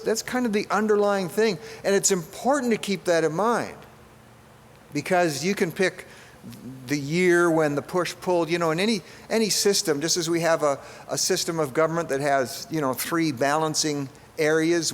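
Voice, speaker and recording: Older man, conference speaker, fairly high voice, folksy asides, hall echo. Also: a little hiss or hum. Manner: folksy, joking asides with frequent fillers. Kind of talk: conference speech. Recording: long hall reverb.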